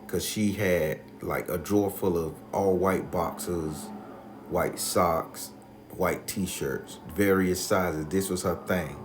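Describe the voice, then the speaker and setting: A man telling a profane personal story in a loose, animated, conversational way. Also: low-pitched. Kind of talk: crude casual storytelling.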